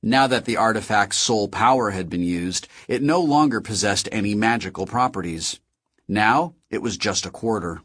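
A man with a low, husky voice reads a first-person novel aloud. His reading is steady and measured. The recording is close and dry, with no room sound. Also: dry recording. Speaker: audiobook narrator.

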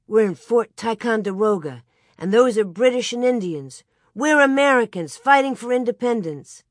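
A reader voicing an eager, lively young pioneer girl in a storybook reading. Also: mid-range voice, moderate pace, no echo, clean studio sound, pitched above the performer's own voice, lightly acted.

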